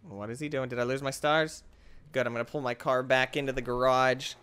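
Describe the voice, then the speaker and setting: A young man talks his way through a video game at a middle pitch, swinging from mutters to yelps as he trash-talks his friend. His commentary is casual, excitable and full of mock-drama. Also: brisk, clear, resonant tone. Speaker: gaming video host.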